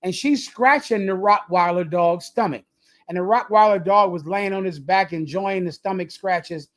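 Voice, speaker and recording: A man with a slightly bright, high-sitting voice leads a livestreamed religious lesson at a moderate pace. The group leader preaches emphatically in a lecturing, repetitive cadence.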